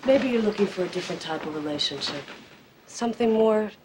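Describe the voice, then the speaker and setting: A woman's voice: medium pitch, expressive, fairly quick, noisy background, natural voice. An actress playing an earnest young woman who directly questions a man about his feelings in a TV drama. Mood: probing. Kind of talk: TV drama acting.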